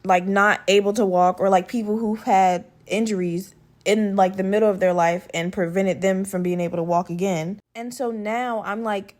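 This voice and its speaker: A woman talking straight to her listeners in a loose, rambling solo podcast, swearing freely and leaning on fillers. Her voice carries a slight roughness from a lingering respiratory infection, and her pitch sits in a middle range. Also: steady tone, normal speed. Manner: rambling, profane, conversational, with many fillers. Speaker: podcast host. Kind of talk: casual solo podcast chat.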